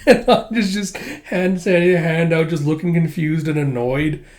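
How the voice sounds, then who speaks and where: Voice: mid-range voice, normal speed, darkish tone. Casual, swearing comic reader. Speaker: manga reader. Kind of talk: casual comic read-through.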